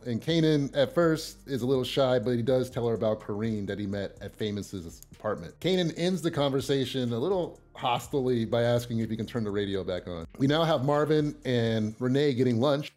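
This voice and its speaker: A medium-pitched male voice casually walks through what happened in a TV episode. The recap is chatty, with fillers and repeated starts, and he becomes loud and excited at the big moments.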